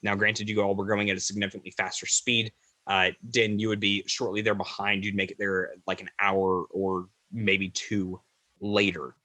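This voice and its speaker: A man narrating a tabletop game as game master, describing scenes in a halting, descriptive way. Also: lowish voice, little pitch movement, bright, forceful tone, no room sound.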